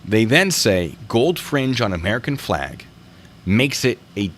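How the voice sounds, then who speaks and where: A man's voice: on the low side, sing-song, unhurried, fairly bright tone, a little hiss or hum. A man hosting a video review show, talking casually and wandering into jokey tangents. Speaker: host reviewing traffic stop videos.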